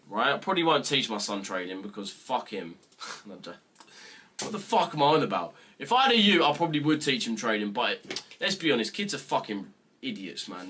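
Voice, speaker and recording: A young British man hosts a live trading stream and talks straight to his viewers. He rants in a blunt, profane, mock-serious way, and his voice stays bright and forceful throughout. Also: medium pitch, a little hiss or hum. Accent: British English. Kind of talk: casual livestream chat with viewers.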